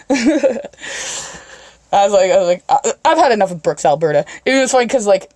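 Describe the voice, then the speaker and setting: A woman's voice: mid-range voice, animated, moderate pace, a little mellow, dry recording, studio quality. A woman hosting a podcast, swearing constantly and laughing her way through rambling road-trip stories. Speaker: podcast host. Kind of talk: casual storytelling chat.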